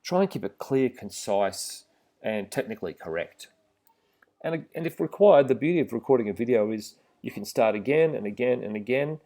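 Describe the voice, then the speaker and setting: A middle-aged man giving a relaxed, plain-spoken instructional talk to trainee driving instructors, with some fillers. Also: mid-range voice, moderate pace. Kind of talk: instructional voice-over with slides.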